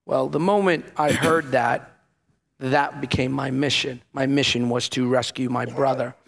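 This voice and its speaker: A man's voice: mid-range voice, fairly even intonation, measured pace, vocal fry. A man, a former police officer, telling his story in an interview with lots of fillers and acted-out dialogue. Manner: emotional storytelling, acts out the dialogue, many fillers. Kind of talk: personal testimony in an interview.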